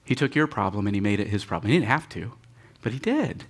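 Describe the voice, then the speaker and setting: A male pastor talks fast in a slightly rough voice, preaching an animated, dramatic sermon marked by sudden pitch jumps and audible sighs as he leads his congregation in reading scripture aloud.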